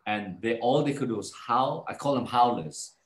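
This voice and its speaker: A man guest telling a personal story in a casual live talk, animated and acting out the voices of people he describes. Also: medium pitch, moderate pace, echoey room.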